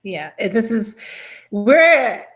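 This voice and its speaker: A woman's voice: mid-range voice, big pitch swings, slow pace, fairly bright tone. A woman co-hosting a casual political chat, with a voice in the middle range. She talks things through at length, loosely and conversationally. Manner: conversational, explains at length with fillers. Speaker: podcast co-host.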